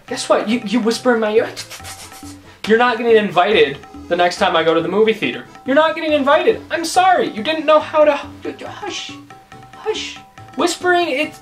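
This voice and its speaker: Young woman host, comic rant, lively up-and-down delivery, faint music underneath. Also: mid-range voice. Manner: exasperated, emphatic, repeats her points. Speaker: YouTube host. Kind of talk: comedic vlog rant.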